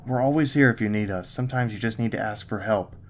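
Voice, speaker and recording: A man voicing a worried middle-aged father in a creepypasta reading, measured and sighing. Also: on the low side, close to an everyday voice. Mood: worried, stern.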